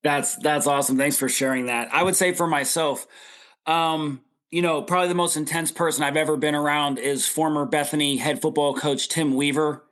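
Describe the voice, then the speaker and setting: A man's voice: on the high side, steady tone, moderate pace, a bit bright. A man hosting a sports talk panel, upbeat, turning to guests one by one. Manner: upbeat, asks guests in turn. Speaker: podcast host.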